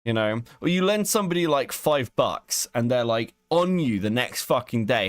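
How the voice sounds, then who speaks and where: A man's voice: mid-range voice, normal speed, no room sound, studio quality. A man co-hosting a podcast in casual chat, talking in an incredulous way and swearing often. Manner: animated, incredulous, swears a lot. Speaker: podcast co-host. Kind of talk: casual chat, reacting to a video.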